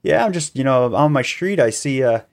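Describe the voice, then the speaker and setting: A man's voice: normal speed, gravelly. A man, a podcast guest in an interview, telling events at length and acting out quoted voices. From Canada. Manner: animated storytelling, acting out quoted calls with rising pitch. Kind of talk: conversational interview.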